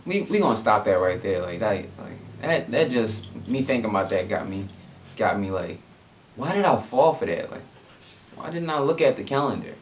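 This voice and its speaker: A man's voice: fairly low pitch, very animated, moderate pace, a little hiss or hum. A young adult man telling a personal story in a casual vlog, laid-back and slangy, with lots of fillers. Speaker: vlogger.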